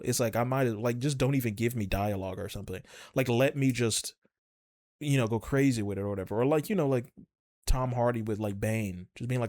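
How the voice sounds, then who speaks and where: A man's voice: mid-range voice, a little fast, a little mellow, no room sound. A man co-hosting a podcast, talking in a rambling, casual way with lots of fillers and swearing. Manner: rambling, profane, filler-heavy. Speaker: podcast co-host. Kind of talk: casual chat.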